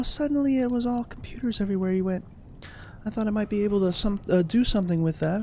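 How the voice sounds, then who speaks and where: A man's voice: high-pitched, mellow, slight background noise, pitched above the performer's own voice, close to an everyday voice. A man voicing a wistful middle-aged woman, a former romance novelist, in a dreamy, rambling, self-mocking way.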